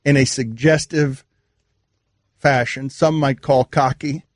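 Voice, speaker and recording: A man's voice: mid-range voice, steady tone, no echo. A man hosting a sports radio show, bantering and arguing with a laugh in his voice. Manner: quick, laughing, argumentative. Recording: dry studio mic.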